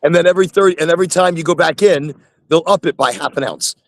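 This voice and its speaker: A man's voice: fairly high pitch, fast, vocal fry, no room sound. A man hosting a casual live chat from his phone in his truck, rambling and repeating himself. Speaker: host.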